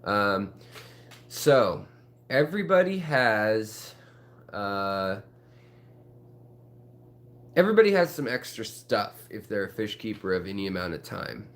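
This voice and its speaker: Standing by his home fish tanks, a man talks to the camera for his aquarium channel in a rambling, casual way full of fillers and jokes. His voice is fairly low and very animated, the pace slow with long pauses, and he's out of breath.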